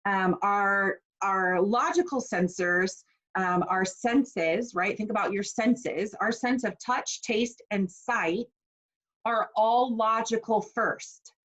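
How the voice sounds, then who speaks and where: A woman's voice: mid-range voice, slow pace, a bit bright, low-quality recording. A woman in her forties teaching a casual online class, chatty and personal with plenty of fillers. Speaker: essential oils class teacher.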